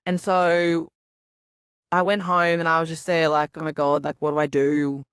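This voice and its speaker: A woman's voice: sits low, little pitch movement, normal speed, clear, resonant tone, no echo, studio quality. A young woman on a podcast, telling her story in a rambling, casual way full of "like" and quoted asides.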